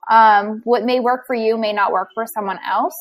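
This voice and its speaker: A young woman with a slightly high voice on a parenting podcast. She tells frank, lively stories and acts out what was said at home. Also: normal speed. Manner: frank, animated storytelling, acts out exchanges. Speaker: podcast co-host, mother. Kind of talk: casual chat.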